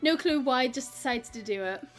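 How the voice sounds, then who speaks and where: A young woman with a Welsh accent chats away to her stream viewers, giggling and peppering her sentences with "like". Her voice sits high. Soft music plays faintly behind her. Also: expressive, normal speed. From South Wales. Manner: chatty, giggly, lots of "like". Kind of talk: casual live-stream chat.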